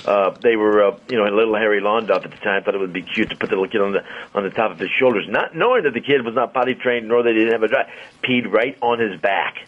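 A man's voice: fairly low pitch, fast, narrow, tinny audio. A man co-hosting a radio show, telling a teasing anecdote in casual banter. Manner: storytelling, teasing, chuckling. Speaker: radio co-host.

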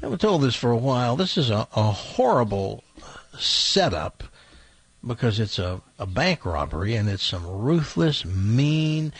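A male radio show host telling a long joke in a casual, animated way, acting out the characters' lines. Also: medium pitch, unhurried, husky, no room sound. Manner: animated storyteller, acts out shouting robber lines.

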